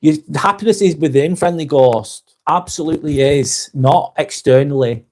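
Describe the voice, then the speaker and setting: A man with a Lancashire accent chats on his live vlog and reads out viewer comments. He is blunt and emphatic and swears freely, in a voice pitched a touch high. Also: moderate pace, darkish tone. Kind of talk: live-stream chat, reading viewer comments.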